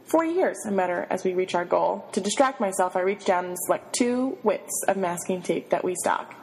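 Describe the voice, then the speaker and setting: A woman reading a novel aloud in the first person, giving the inner monologue an expressive, flustered delivery. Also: fairly low pitch, moderate pace, vocal fry, long reverb tail, slight background noise, poor audio. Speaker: reader.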